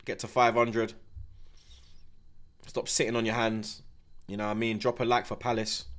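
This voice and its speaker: A man's voice: fairly low pitch, moderate pace. Slang-heavy man hosting a watchalong. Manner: animated slang-heavy banter, shouting on big moments. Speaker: streamer hosting a live match watchalong. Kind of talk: live football watchalong commentary.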